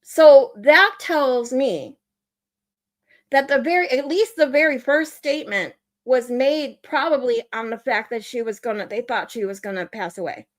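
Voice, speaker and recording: Woman, livestream host, casual chat, exasperated, ranting, higher voice. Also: a little slow. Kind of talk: casual chat reading viewer comments.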